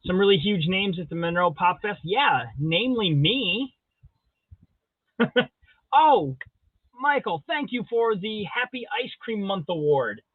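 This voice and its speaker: A man with a notably high voice hosts a live stream in a relaxed, joking way as he reads and answers comments. The sound is dull and dry, with lo-fi stream audio and no room echo. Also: measured pace. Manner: jokey, playful, answers viewer comments. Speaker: host of a live drawing stream. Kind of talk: casual live-stream chat.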